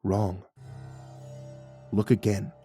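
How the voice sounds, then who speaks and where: A man voicing an ancient male skinwalker who speaks in a low, mocking, calmly amused way. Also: moderate pace, soft background music, close to an everyday voice. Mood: sly. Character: ancient sly male skinwalker, teasing and unhurried.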